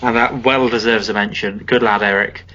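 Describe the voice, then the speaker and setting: A man's voice: on the low side, fairly even intonation, moderate pace, bright, forceful tone, dull audio. A man co-hosting a casual football podcast, talking in a wry, rambling way with joking asides. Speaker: podcast co-host.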